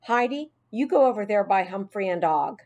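A woman voicing a firm but patient female teacher calming two girls, in a storybook reading. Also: mid-range voice, normal speed, muffled recording, close to an everyday voice. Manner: firm and soothing.

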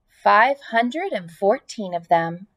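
A woman reading aloud, voicing a gentle, weary female spider who speaks softly and slowly in a weak voice. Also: mid-range voice, animated. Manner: soft, slow and weak.

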